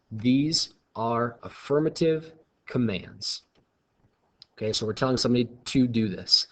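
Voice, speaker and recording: A man teaching Spanish in a recorded lesson, who speaks slowly and stresses each new word as he introduces it. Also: mid-range voice, highs cut off.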